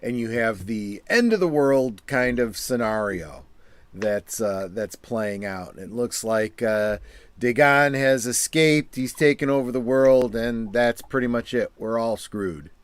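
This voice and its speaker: A man's voice: medium pitch, unhurried, smooth, no echo. A man co-hosting a casual podcast chat, explaining his points in long, loose sentences. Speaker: podcast co-host. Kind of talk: casual chat reviewing a cartoon episode.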